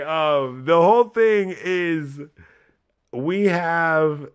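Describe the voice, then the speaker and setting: A man with a nasal voice hosting a live wrestling video game stream, giving excitable, rambling play-by-play and chatting to his viewers. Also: fairly high pitch, unhurried, muffled recording. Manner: excitable, rambling, talks to a chat member by name. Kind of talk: casual live gameplay commentary.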